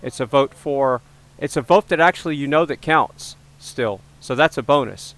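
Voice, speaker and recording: A man's voice: medium pitch, normal speed, a bit bright. A man hosting a casual livestream, chatting with viewers and joking at his own expense about his ego. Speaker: livestream host.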